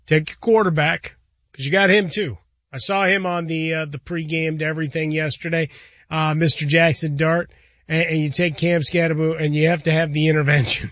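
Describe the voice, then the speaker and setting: A man with a slightly high voice talks casually through sports and betting picks, tagging his points with quick questions. The recording is dry and dull, with a lo-fi feel. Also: steady tone, fairly bright tone, no room sound. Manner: conversational, tags statements with "right?", chuckles. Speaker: sports talk co-host.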